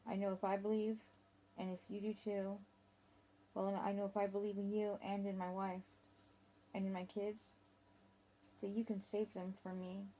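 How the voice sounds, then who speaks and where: A woman voicing her husband's remorseful, halting prayer in a rhyming story. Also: medium pitch, mellow, slight background noise, pitched above the performer's own voice, natural voice. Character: husband praying, sincere and remorseful.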